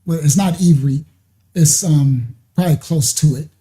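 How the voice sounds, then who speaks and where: A man's voice: a little high, moderate pace, warm tone. A man giving a rambling live-streamed religious teaching, often checking that listeners understand. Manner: rambling, keeps asking "you understand?".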